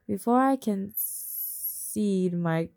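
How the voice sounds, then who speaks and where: A woman reads a trashy romance in a flat, deliberate monotone, her voice full of gravelly vocal fry. She keeps stepping out of the story for quick joking asides. A phone mic picks her up, with faint music underneath. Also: mid-range voice. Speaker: reader of romance novels. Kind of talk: deadpan comedic reading.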